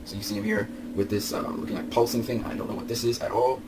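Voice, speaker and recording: A young vlogger with a mid-range voice and vocal fry talks fast and very animatedly about his collectible figures. Gushing, he repeats himself and erupts into laughter and shouts, all on a very noisy recording.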